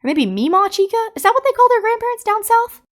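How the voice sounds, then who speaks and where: Woman YouTuber, casual commentary, playful and opinionated, lively pitch. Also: fast talker. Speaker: game theory YouTuber.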